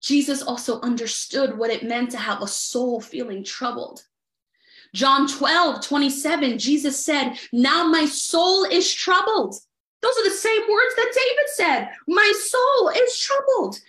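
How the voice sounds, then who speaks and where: A woman's voice: high voice, unhurried, a bit bright, reverberant. A woman preaching a sermon to a livestream audience, earnest and repeating phrases for emphasis. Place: livestreamed service.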